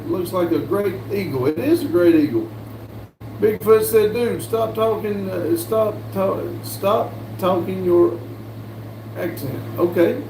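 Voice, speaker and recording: In an echoey room with faint background noise, a man hosting a casual live chat reads viewers' comments aloud with a slow drawl and lots of fillers. His voice is on the high side and a little mellow.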